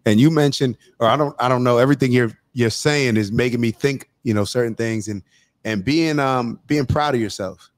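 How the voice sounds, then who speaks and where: A man's voice: mid-range voice, moderate pace, no room sound, studio quality. A man hosting a casual conversation, talking in a reflective, motivational way with many fillers. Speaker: podcast host.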